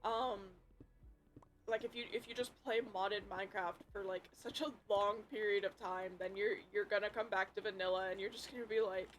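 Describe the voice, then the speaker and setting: A young woman streaming a game from home, chatting casually and swearing often, with loud outbursts. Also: medium pitch, fairly even intonation, normal speed, a little hiss or hum. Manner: swears a lot, loud outbursts while playing. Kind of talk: casual gaming stream chat. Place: home room with a computer.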